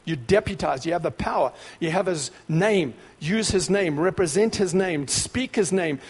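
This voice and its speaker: High-voiced man preaching in a reverberant hall. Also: normal speed, slightly rough. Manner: emphatic, repetitive exhortation; grows louder and more excited. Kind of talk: sermon.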